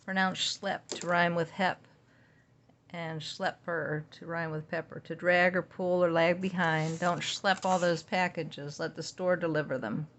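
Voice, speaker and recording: A woman's voice: lowish voice, flat delivery, a little slow, a bit bright, slight background noise. A woman hosting a podcast, reading entries aloud from a book and adding casual side remarks of her own. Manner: reads entries, then adds chatty side remarks.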